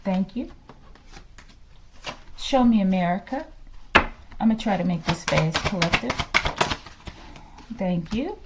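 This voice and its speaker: Woman tarot reader, animated pitch, chatty, slips into whispers, faint background noise, clicks. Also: slow pace, pauses often. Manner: chatty, drops into whispers, laughs often. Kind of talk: channeled tarot reading.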